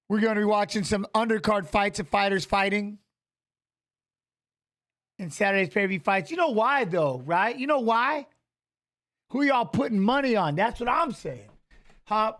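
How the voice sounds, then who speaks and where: A man hosting a casual live stream, greeting viewers by name and talking excitedly, often saying things twice. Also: high-pitched. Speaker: livestream host reading chat.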